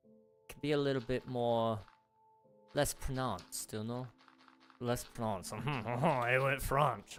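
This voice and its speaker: Talking to his viewers on a livestream, a man rambles chattily and makes self-deprecating jokes. His voice is mid-range, fairly bright, and clean.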